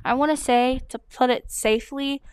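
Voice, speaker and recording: A woman's voice: high-pitched, steady tone, normal speed, clean tone, no room sound. A woman dog blogger answering common breed questions in a chatty, hesitant way, full of fillers. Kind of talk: casual Q&A vlog.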